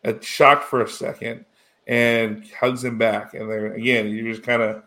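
A man in casual conversation, rambling through a story with plenty of fillers and restarts. His voice sits at an ordinary middle pitch, and he gets emotional as he goes. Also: level tone, measured pace, bright, forceful tone. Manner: rambling, full of "you know" and restarts, emotional. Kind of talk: casual chat recapping a TV episode.

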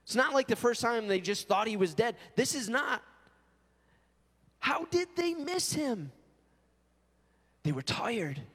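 A male pastor preaching a sermon in an animated way, acting out quotes. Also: very high-pitched, slow pace, pauses often, breathy edge, big-room sound.

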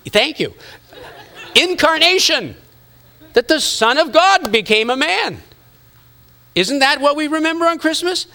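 A middle-aged man preaches a sermon in a high, bright voice. He keeps it conversational, teasing his listeners and acting out the thoughts people have. His delivery is lively and personal. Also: measured pace, long pauses. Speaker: pastor.

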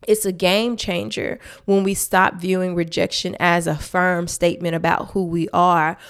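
Woman doing a faith podcast, low voice, lots of fry, real earnest, keeps talking right to you. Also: little pitch movement, normal speed. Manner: earnest, emphatic, addresses listeners directly. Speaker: podcast host. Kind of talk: faith-based reflective podcast talk.

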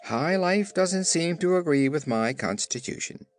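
A man's voice: on the high side, animated, measured pace, no echo, faint music behind, voice pushed up. Straw scarecrow, earnest and stern, played by a man; storybook figure.

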